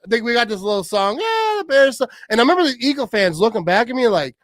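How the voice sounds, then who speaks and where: A man's voice: high-pitched, expressive, rapid-fire, a bit bright, no echo, clean studio sound. A man, hosting a podcast and telling rambling, crude stories in casual chat, laughing often. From Wisconsin. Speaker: podcast host.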